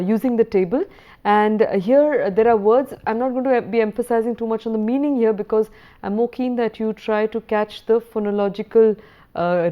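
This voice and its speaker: A woman lecturer talks through a recorded university lesson in a patient, explanatory way. Her voice sits at a middle pitch. The recording sounds a little dull and lo-fi. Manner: patient, explanatory, reads verse slowly.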